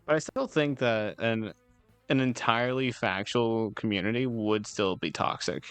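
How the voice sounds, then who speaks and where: A man's voice: fairly low pitch, normal speed, fairly bright tone, clear, resonant tone, no room sound, faint music behind. A man streaming and chatting casually with his viewers, rambling in a laid-back way, swearing now and then and giggling often. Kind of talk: casual chat with live chat.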